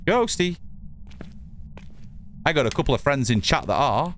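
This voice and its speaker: A man's voice: a little high, very animated, moderate pace, fairly bright tone, slight background noise. Chatty northern English man streaming. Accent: mixed northern English. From northern England. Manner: chatty, reads chat aloud, swears casually. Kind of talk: casual gameplay commentary.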